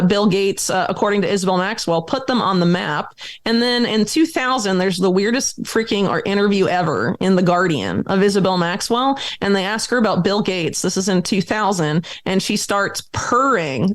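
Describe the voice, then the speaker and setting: A woman guest on a podcast, talking quickly and emphatically through a long, detailed explanation full of dates and names. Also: fairly low pitch. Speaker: guest author and journalist.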